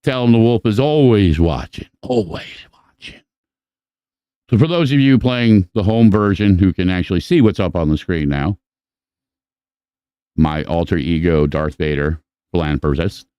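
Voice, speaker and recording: A man's voice: deep voice, normal speed, clean tone, dry recording, muffled recording. Profane, rambling male podcast host. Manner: profane, rambling shout-outs. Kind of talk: casual live-stream chat.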